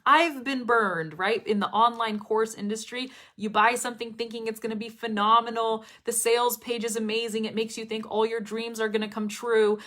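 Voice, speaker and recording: A woman's voice: a little high, steady tone, moderate pace, few pauses, a bit bright. Lady teaching live online, super chatty and upbeat with her students. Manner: enthusiastic, chatty, reads out student comments. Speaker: English pronunciation teacher. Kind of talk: live online lesson, casual address to students.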